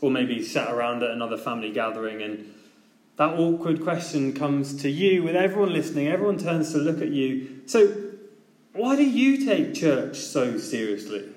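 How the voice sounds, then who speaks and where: Preacher in an echoey room. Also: male voice, mid-range voice. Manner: conversational storytelling. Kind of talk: sermon.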